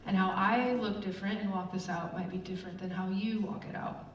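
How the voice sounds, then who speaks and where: In this clip, a church speaker, a middle-aged woman, gives an informal sermon at a brisk clip in a medium-pitched voice. Her personal anecdotes come out chatty and lively, full of filler words. Audio is dull and distant in a roomy space with slight background noise.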